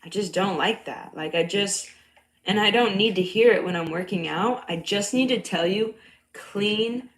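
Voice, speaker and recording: On a casual livestream, a young woman who works as a cycle coach talks bluntly, curses freely and laughs a lot, her slight Bronx New York accent coming through. Her voice is loud, a little nasal and on the low side, and the recording quality is low.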